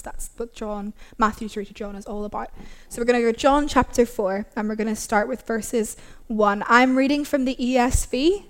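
A woman pastor with a Derry Irish accent, preaching to a congregation in a quick, upbeat way, often asking them questions. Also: a little high. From Northern Ireland. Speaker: assistant pastor. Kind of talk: sermon and Bible study. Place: church.

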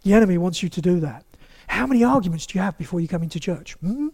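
Guy preaching in church, pretty high voice, talks right at the crowd and acts stuff out. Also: quick pace, vocal fry, husky. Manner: animated, acts out quotes, addresses the congregation directly. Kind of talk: sermon.

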